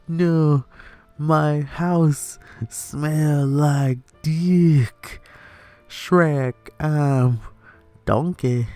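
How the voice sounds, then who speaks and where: A man putting on a bossy, grumpy big ogre, stretching each word out slowly and gruffly. The voice sits a bit higher than an ordinary ogre would, with faint game music behind it. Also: darkish tone, dry recording.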